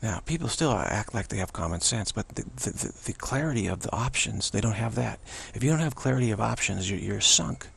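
A man's voice: lowish voice, lively intonation, brisk, vocal fry, few pauses, a bit bright, husky. A man giving an unscripted spiritual teaching outdoors, rambling and repetitive, often restarting his sentences.

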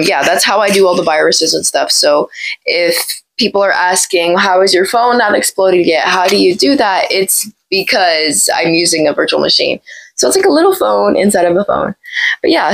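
Sick young woman with a hoarse gravelly voice, rambling phone tutorial on a little mic, kinda low. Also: a bit bright, rough recording. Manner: chatty, rambling with many fillers. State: hoarse from illness. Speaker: tech video creator. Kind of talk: casual tutorial. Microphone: small plug-in microphone.

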